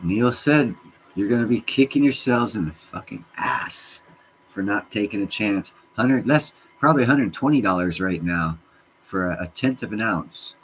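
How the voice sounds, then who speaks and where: A man hosting a livestream, chatting with viewers in a rambling, profane, excitable way and jumping from topic to topic. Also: on the low side, normal speed, slight background noise, poor audio. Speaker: livestream host answering chat. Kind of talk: casual rambling rant.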